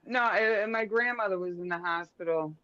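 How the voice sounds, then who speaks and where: A man's voice: high-pitched, normal speed, pushed and bright. A man co-hosting a casual advice show, swearing freely and talking with animation. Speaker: co-host. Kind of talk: casual podcast chat. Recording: dry, dull lo-fi sound.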